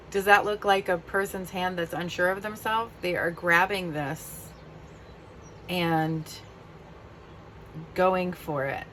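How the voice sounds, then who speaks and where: A woman's voice: on the low side, takes it slowly, pauses often, a bit bright, a little hiss or hum. A woman giving a casual, heartfelt tarot reading, openly emotional as she talks. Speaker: tarot reader.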